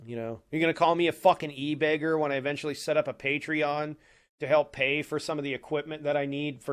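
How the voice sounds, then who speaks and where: This male livestream host has a smooth voice that sits on the high side. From his apartment's home office, he rants heatedly into a desk microphone and curses constantly.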